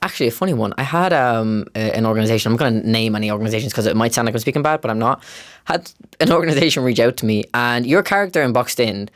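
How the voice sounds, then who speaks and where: A young man in his early twenties from Ireland, hosting a podcast in a casual, chatty way with quick laughing asides. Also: medium pitch, lively intonation. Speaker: podcast host. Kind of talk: casual chat.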